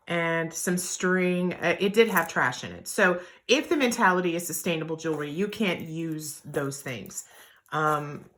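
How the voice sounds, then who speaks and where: A woman's voice: fairly low pitch, sharp tone. A middle-aged woman, chatting candidly through a jewelry unboxing vlog with lots of fillers and asides. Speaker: jewelry reseller vlogger.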